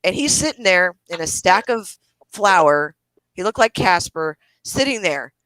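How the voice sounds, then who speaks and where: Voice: medium pitch, expressive, unhurried, pushed and bright, no echo, poor audio. Laid-back, cussing parent storyteller. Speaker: live stream co-host. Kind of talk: casual chat.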